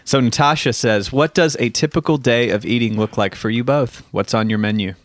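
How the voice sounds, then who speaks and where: A man's voice: medium pitch, fairly quick, no room sound, studio quality. A man on a podcast, telling stories in a wry, self-deprecating way. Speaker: podcast producer. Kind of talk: casual chat.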